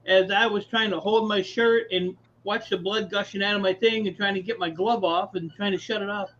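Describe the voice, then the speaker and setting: High-voiced man laughing through stories. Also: steady tone, fairly quick, a bit bright, lo-fi sound, a little hiss or hum. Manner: laughs while telling stories, swears casually. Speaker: guest on a live scrap chat. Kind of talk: casual storytelling chat.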